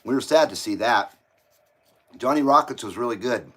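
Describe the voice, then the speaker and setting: A man's voice: mid-range voice, lively intonation, normal speed, a bit bright. A man hosting a casual live stream from home, reading out viewer comments and chatting while he eats. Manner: chatty, talks while eating. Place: home, indoors.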